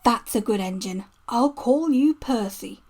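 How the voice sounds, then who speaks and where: A woman's voice: fairly high pitch, animated, unhurried, a little mellow. A woman voicing a stern, portly male railway boss who is kind underneath, speaking in a severe, formal way.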